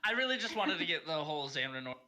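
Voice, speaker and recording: Male game master, bright tone, halting, ums a lot, faint music. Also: fairly high pitch, sing-song. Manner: hesitant, many ums. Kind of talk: narrating a tabletop game.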